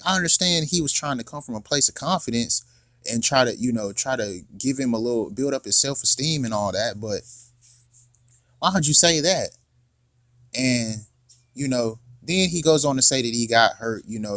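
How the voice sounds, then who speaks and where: A man reacts to a clip in a casual, argumentative way, circling back to the same questions in slangy speech. His voice sits at a middle pitch and sounds dry and close to the mic. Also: a bit bright, dry recording. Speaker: reaction video host.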